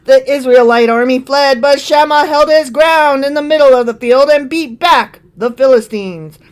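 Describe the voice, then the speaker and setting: A woman putting on a loud announcer voice for a list of ancient warriors, calling out each name with showy build-up. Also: sits high, normal speed, lightly acted. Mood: hyped. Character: booming male sports-style announcer.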